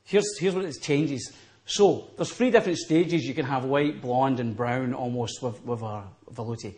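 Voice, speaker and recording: A man's voice: medium pitch, moderate pace, darkish tone. A man working as a chef, patiently explaining a recipe step by step in a studio kitchen. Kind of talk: cooking demonstration.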